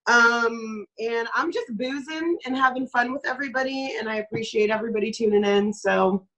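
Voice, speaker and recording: A woman co-hosts a streamed storytelling show in loose, chatty talk and laughs easily. Her voice is a bit high. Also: normal speed, a bit bright, rough recording. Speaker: show host. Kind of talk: casual chat on a streamed show.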